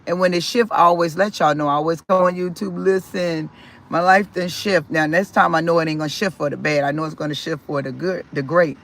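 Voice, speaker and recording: A man with a gravelly voice, a touch higher than most, telling his story straight to the camera. He rambles, restarts and repeats himself, and his voice rises and drops with feeling. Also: fairly quick. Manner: rambling, repeats words and restarts, expressive swings. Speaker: vlogger. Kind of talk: casual personal storytelling.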